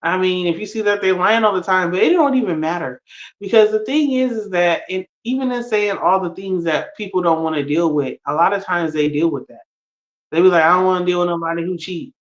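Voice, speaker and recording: Male co-host, high voice, loose rambling delivery, lo-fi audio. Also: brisk. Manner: rambling, loose, many fillers. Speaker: podcast co-host. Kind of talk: casual live-stream chat.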